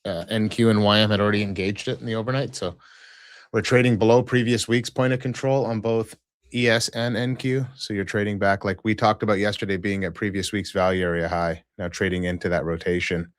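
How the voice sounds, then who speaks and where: A man's voice: sits low, flat delivery, brisk, dry recording, studio quality. A man co-hosting a live trading stream, chatty and teasing in casual talk.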